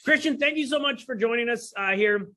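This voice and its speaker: A man's voice: very high-pitched, fairly quick, pushed and bright. A man who is a realtor, co-hosting a podcast in a chatty, upbeat way. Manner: chatty, upbeat, hosts the guest. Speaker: realtor co-host. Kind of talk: casual podcast chat.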